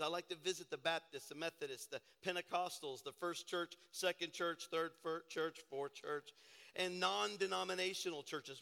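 A man preaching a sermon as pastor, hoarse from shouting, chatty at times and then building to emphatic preaching. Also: high-pitched, big-room sound.

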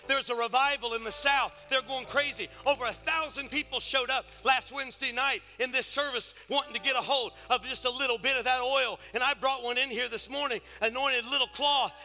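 Male pastor, high bright voice, preaching in a reverberant sanctuary with soft music behind. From Ohio, USA. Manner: storytelling, swings from hushed asides to shouted preaching. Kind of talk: sermon. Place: church sanctuary. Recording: church service with long reverb and faint music.

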